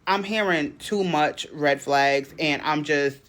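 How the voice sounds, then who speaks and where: A woman telling a personal story casually and dramatically, jumping into high outbursts when she quotes herself. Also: slow, fairly bright tone.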